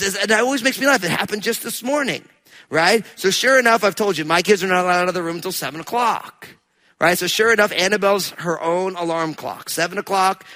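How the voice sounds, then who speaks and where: A pastor from New Jersey with a high, bright, ringing voice. He talks to the congregation in a loose, chatty way, then swells into loud, emphatic preaching. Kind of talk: sermon.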